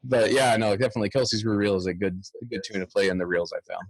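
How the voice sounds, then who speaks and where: A man's voice: fairly low pitch, steady tone, quick pace, husky, no echo. A man in his thirties, a guest bagpiper, chatting animatedly in a podcast interview and humming tunes aloud.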